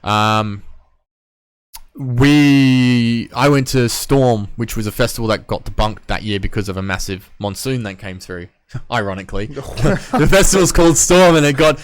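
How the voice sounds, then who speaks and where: A man's voice: mid-range voice, unhurried, clean tone. A young man, a DJ and producer, chatting casually on a podcast with lots of ums and casual swearing. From Western Australia. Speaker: guest DJ and producer.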